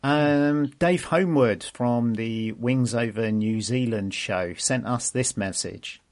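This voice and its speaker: A man's voice: medium pitch, slow. A man hosting a podcast, reading out listener messages in a chatty way with many fillers. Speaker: podcast host.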